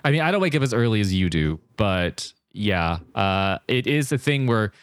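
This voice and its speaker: Brief: male podcast co-host, low voice, relaxed and profane, dry close sound. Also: normal speed, clear, resonant tone, no echo. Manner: laid-back, swears casually. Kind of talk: casual chat.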